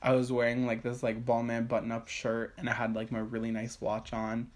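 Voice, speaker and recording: A young man, co-hosting a casual chat podcast from his room at home, telling an animated story full of swearing and acted-out quotes. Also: medium pitch, brisk. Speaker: podcast co-host.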